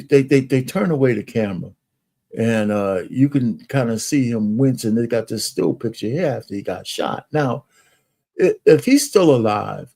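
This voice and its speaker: A man's voice: medium pitch, gravelly, warm tone. A man giving casual, rambling commentary as he reacts to news clips, with many fillers and restarts.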